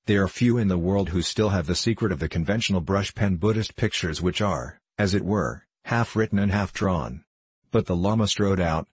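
A man reads a classic novel aloud in a measured storytelling voice. His tone is very deep and slightly husky. The recording is close and dry. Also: dry recording. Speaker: audiobook narrator. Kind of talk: scripted narration.

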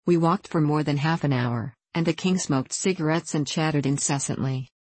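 Woman audiobook narrator, low voice, dry close sound, measured storytelling. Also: darkish tone, dry recording. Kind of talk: scripted narration of a classic novel.

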